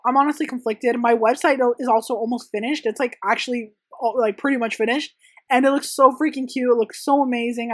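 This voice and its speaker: A woman's voice: a little high, no echo. A young woman who makes press-on nails, chatting casually and rambling through viewer questions with many "like" and "um" fillers. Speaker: press-on nail artist and channel host. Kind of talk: chatty Q&A vlog. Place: her home room.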